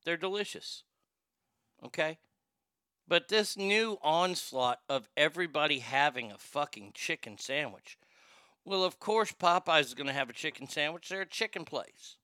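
A Texan man ranting casually about fast food, swearing a lot and stumbling over restarts. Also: fairly high pitch, lively intonation, sharp tone, clean tone, no echo, studio quality. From Texas. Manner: profane, rambling, stammering restarts. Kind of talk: casual rant.

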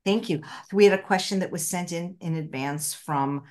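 A woman's voice: fairly low pitch, moderate pace, a little mellow. A woman hosting an interview, asking questions in a polite, hedging way. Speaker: host.

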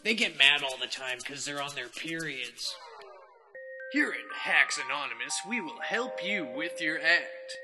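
A man reading a spoof commercial voice-over with a mock-earnest pitchman delivery. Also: animated, unhurried, music in the background. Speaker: announcer in a parody ad. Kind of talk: comedic parody commercial voice-over.

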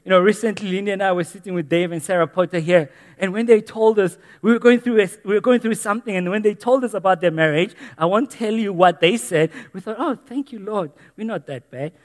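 A man's voice: high voice, a little fast, hardly any pauses, long reverb tail. A man preaching a sermon in a church, earnest and emphatic, repeating key phrases. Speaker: pastor.

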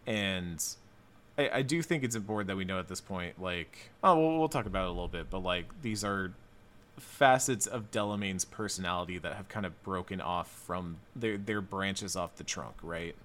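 A man hosting a casual podcast, recapping a video game in a relaxed, rambling way with lots of fillers. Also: deep voice, normal speed. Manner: relaxed, thinking aloud with many fillers.

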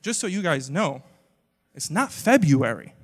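High-voiced animated preacher in a reverberant hall. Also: male voice, fairly quick. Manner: animated, swings from loud exclamations to quiet asides. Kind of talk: humorous sermon. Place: church sanctuary with a live congregation. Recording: long hall reverb from a church sanctuary.

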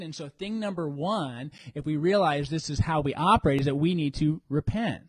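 A man preaching a sermon in an animated way, acting out what people think in church. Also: a little high, normal speed, hardly any pauses, slightly rough, no room sound. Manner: animated, acts out congregants' inner voices. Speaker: pastor.

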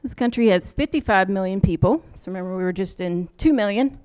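With a brisk delivery and a clean, mid-range voice, this American woman narrates a travel story during a conversational lecture. She's a social work professor who acts out the people she quotes in lively voices.

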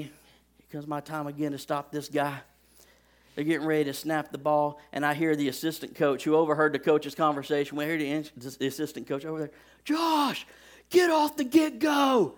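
A man preaching, telling a lively personal story with sound effects and speaking directly to his congregation in a folksy way. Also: on the high side, fairly quick, smooth. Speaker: pastor.

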